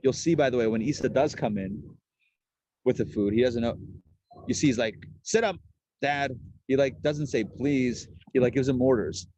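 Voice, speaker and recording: A rabbi leads a live Torah class, talking in an easygoing, lively way and slipping into the voices of the people he quotes. His voice sits at an ordinary male pitch. The sound is dry and close, with no room echo. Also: brisk, husky. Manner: lively and chatty, acting out the quoted characters.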